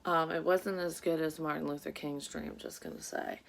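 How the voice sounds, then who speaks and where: Her voice sits low with fairly even intonation and vocal fry, at normal speed. This thirtysomething psychic vlogger chats casually, rambling, swearing, and leaning on fillers, while sounding somewhat sleepy and congested.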